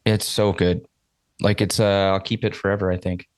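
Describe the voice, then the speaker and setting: A man's voice: low voice, little pitch movement, normal speed, dry recording. A man hosting a podcast, chatting casually with short, easygoing replies and the odd swear. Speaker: podcast host. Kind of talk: casual chat.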